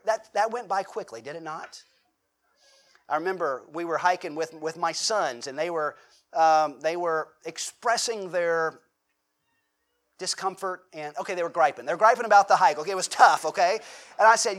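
High-voiced American pastor preaching conversationally. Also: male voice, moderate pace, a bit bright. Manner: conversational preaching with rhetorical questions and acted-out quotes. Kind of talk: sermon.

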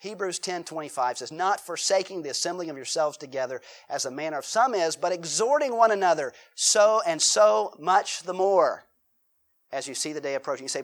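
A man's voice: a little high, expressive, brisk. A male pastor preaching a sermon in a conversational way, asking rhetorical questions and acting out quotes.

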